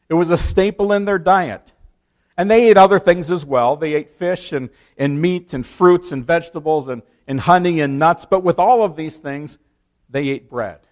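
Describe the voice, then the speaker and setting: A male preacher with a high voice gives a relaxed, conversational sermon. He explains the passage plainly, now and then playing the questioning crowd with extra lift and push. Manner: conversational, acts out quoted voices with rising emphasis.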